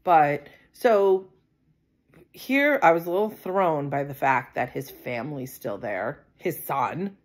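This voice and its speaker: A woman's voice: low-pitched, expressive, takes it slowly. A middle-aged woman vlogging, telling a personal story in a rambling, casual way with lots of fillers and asides.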